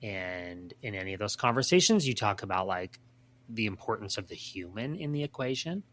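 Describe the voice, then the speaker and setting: A man with a fairly low voice speaks as a guest on a podcast. He reflects thoughtfully and takes his time in relaxed conversation. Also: moderate pace. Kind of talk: casual chat.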